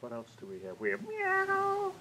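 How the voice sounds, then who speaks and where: At a library storytime, the older reader is animated and a little slow, his voice fairly high, as he reads a children's picture book with sound effects and sing-song repeats, then chats with the kids. The community TV recording is rough, with faint room noise.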